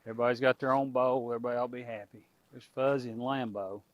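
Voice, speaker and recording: A man's voice: mid-range voice, fairly even intonation, racing, no room sound, muffled recording. A middle-aged man, chatting casually to his viewers and animals outdoors on a farm. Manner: folksy, talks to animals and viewers. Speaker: homestead vlogger.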